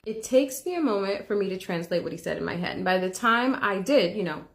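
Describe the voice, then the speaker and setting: A woman's voice: medium pitch, expressive, a little fast. A woman hosting a reaction video, telling a personal story in candid, casual commentary full of filler words.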